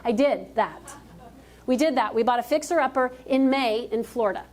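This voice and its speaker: Female keynote speaker, 30s, pitched a bit high, energetic, jokey, works the room directly. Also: moderate pace, slight background noise. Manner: energetic, joking, talks straight to the audience. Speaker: motivational speaker. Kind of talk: live keynote speech. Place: conference stage before a live audience.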